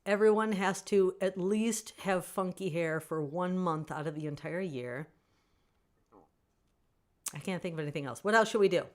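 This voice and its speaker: A woman with a lower-pitched voice chats casually on a livestream, reading out and answering fans' comments. She is animated and opinionated and laughs easily between thoughts. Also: moderate pace. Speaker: author hosting a fan Q&A stream.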